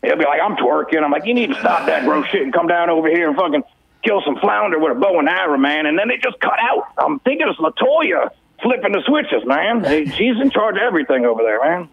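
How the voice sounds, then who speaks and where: A man's voice: a little high, very animated, a little fast, lo-fi sound, exaggerated voice. A man playing a brash, crude good-ol'-boy character with a drawl, ending nearly every line with "man". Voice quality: gravelly drawl, ends lines with "man". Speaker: radio show character. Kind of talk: comedy character bit.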